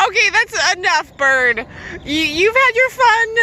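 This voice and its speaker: Very high-pitched, bright-voiced woman dog trainer. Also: expressive, unhurried, slight background noise. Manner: calls short commands and praise to her dog. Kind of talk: casual outdoor vlog. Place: outdoors in a park.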